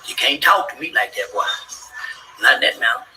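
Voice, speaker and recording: A man telling a story in an animated, boisterous way, cursing freely and laughing often, with bursts of shouting. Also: medium pitch, normal speed, reverberant, slight background noise, low-quality recording. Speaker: podcast guest.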